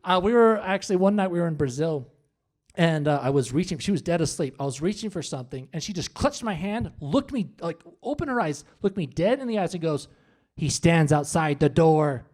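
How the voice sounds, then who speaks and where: A man hosting a comedy show on stage, doing his stand-up set with punchy, animated delivery and asides to the crowd. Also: sits high, a little fast. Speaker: stand-up host. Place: comedy club. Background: audience laughter.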